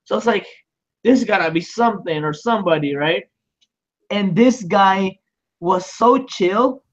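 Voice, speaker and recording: A man's voice: high-pitched, measured pace. A man in casual livestream talk, telling a story animatedly and acting out both sides of a phone call. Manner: animated storytelling with quoted voices.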